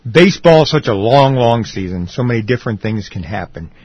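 A man chats about baseball on the radio, agreeable and easygoing, often trailing off quietly. His voice is husky with a lively pitch, and the sound is dry and a little dull. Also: brisk, dry recording. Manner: agreeable, frequent backchannel, trails off softly. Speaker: sports radio co-host. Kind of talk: casual sports talk.

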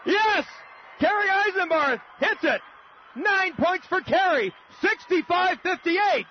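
High-voiced Midwestern man calling basketball. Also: takes it slowly, slight background noise. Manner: shouts and repeats calls in excitement. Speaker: radio play-by-play announcer. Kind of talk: excited basketball commentary. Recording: dull old radio broadcast recording.

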